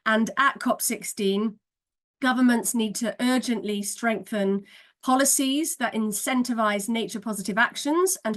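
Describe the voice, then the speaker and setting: A woman communications director presenting findings on a webinar, earnest and steady with occasional fillers. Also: a little high.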